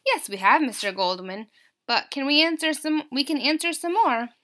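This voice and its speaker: A woman doing a bright, cheerful young girl inventor. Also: sits high, moderate pace, pitched above the performer's own voice. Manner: friendly greetings.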